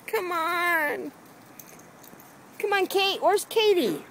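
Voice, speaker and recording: A woman with a high, fairly bright voice coaxes her dogs in a slow sing-song while filming them handheld in the backyard by a fence. It's casual home-video narration as she calls to her pets.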